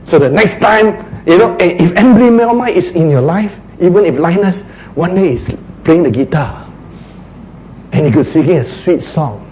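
A man preaching a sermon, acting out quotes, sometimes shouting and then dropping to a hush. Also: high-pitched, unhurried, slight background noise, low-quality recording. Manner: animated, acts out quotes, shouts and drops to a hush.

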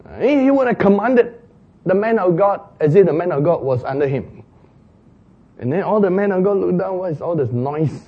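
A man preaching an animated, playful sermon retelling, laughing at his own jokes. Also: high-pitched, moderate pace, husky, lo-fi sound.

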